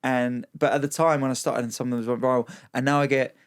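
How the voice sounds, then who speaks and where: A man's voice: mid-range voice, fast, clean tone. A young man with a southern English accent, a comedian telling stories in casual chat and acting out other people's lines. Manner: animated, laughing storyteller who acts out quotes. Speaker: comedian guest.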